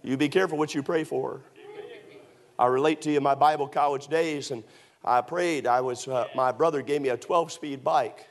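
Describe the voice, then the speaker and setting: A middle-aged man preaching a sermon, telling stories emphatically and rising to shouts. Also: mid-range voice, steady tone, moderate pace. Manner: emphatic, storytelling, surges to shouts. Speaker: pastor.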